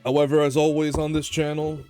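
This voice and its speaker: A man's voice: fairly high pitch, completely flat delivery, fairly quick, dark tone. A worn-out man hosts his gaming video, talking loosely about his day and his plans. His voice is sleepy and easygoing, with a joking, rambling way of talking. Faint music plays underneath. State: tired. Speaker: gaming channel host. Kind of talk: casual gameplay commentary.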